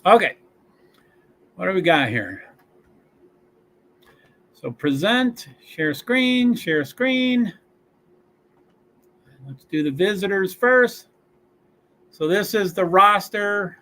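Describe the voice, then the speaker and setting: A man hosting a casual sports watch-along stream, reading team rosters and stats aloud with many fillers, pauses and chatty asides. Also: high voice, sing-song, bright, forceful tone.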